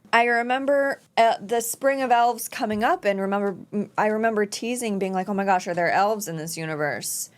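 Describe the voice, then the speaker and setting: A woman hosting an anime reaction video, talking earnestly and emotionally about an episode, with sighs and exclamations. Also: medium pitch. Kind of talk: casual reaction commentary.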